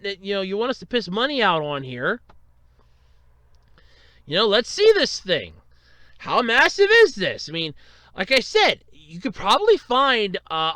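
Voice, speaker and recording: Animated, high-voiced rambling podcast host. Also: male voice, smooth. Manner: rambling, profane, animated storytelling. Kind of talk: casual solo podcast rant.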